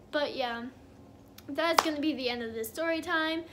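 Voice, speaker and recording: A woman's voice: high voice, background noise. A young woman telling a casual storytime on her vlog, chatty and giggly with lots of fillers. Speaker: vlogger.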